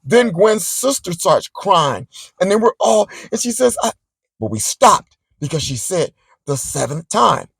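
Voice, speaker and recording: A man vlogging, chatting straight to his viewers as he tells a story in a casual, animated way. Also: high voice, unhurried, creaky, slightly rough, no echo, low-quality recording.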